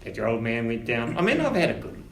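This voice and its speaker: A man's voice: medium pitch, huge pitch swings, fast, voice pushed down. A man voicing a cheerful old gnome father who teases his son. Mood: fond. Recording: echoey room, faint hiss.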